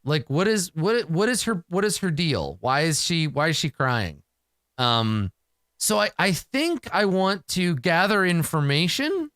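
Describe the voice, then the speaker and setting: Lively, bright-voiced man narrating solo game. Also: on the high side, a little slow, no echo, studio quality. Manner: casual, profane, exasperated rambling.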